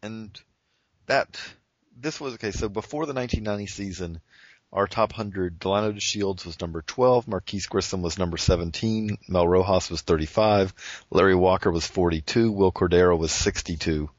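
A man's voice: deep voice, normal speed, no room sound. A man who writes for the show, chatting on a podcast and running through lists of names and rankings. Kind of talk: casual podcast chat. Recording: dull lo-fi audio.

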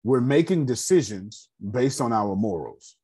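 A man's voice: medium pitch, animated, unhurried, dark tone, breathy edge, dry recording. A man hosting a group call, affirming others and laughing easily, often repeating his words.

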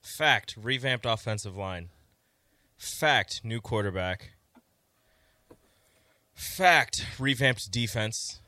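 A blunt sports-radio co-host who argues in short, clipped bursts. His voice is bright and forceful, recorded close in a dry studio. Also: mid-range voice, expressive, very slow, pauses often, dry recording.

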